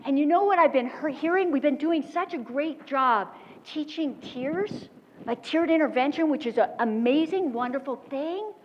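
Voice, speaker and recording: A woman giving a motivational keynote speech, telling animated stories with quick laughs, on a stage microphone in a large lecture hall. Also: high-pitched, slight background noise. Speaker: keynote speaker. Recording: dull recording with long hall reverb.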